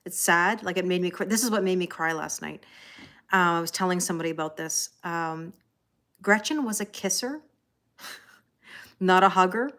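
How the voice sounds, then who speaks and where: A woman's voice: fairly low pitch, normal speed, pauses often, fairly bright tone. Chatty Canadian woman on a livestream. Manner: chatty and reassuring, talks straight to viewers with frequent "you know?". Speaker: tarot reader hosting a livestream. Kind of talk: casual live chat, reading out viewer comments.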